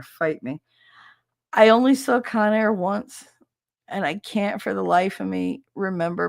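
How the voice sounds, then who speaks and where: A woman hosting a casual livestream chat, reading comments aloud and answering them in a brash, swearing way, with frequent laughter and quick mimicry. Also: on the low side, no echo, studio quality. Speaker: podcast host reading chat.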